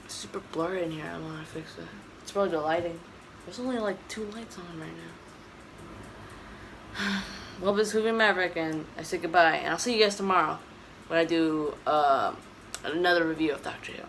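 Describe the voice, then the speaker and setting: A Texan woman vlogs in a casual, opinionated ramble, often stopping to restart her sentences. Her voice sits on the low side and sounds worn out. A faint ambient hum fills the room behind her. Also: a little fast, pauses often, a bit bright, poor audio. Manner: rambling, opinionated, self-correcting. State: tired. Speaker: YouTube vlogger. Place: indoor room, dim lighting.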